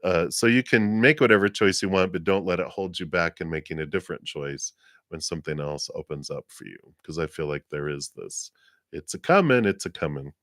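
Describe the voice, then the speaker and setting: Male livestream reader with a very low voice and a gentle, meandering, fill-word-heavy delivery, laughing often, a little lower than usual from the weather, dry close mic. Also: steady tone, fairly quick, no room sound. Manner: gentle, rambling, laughs often, many fillers. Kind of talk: casual live reading.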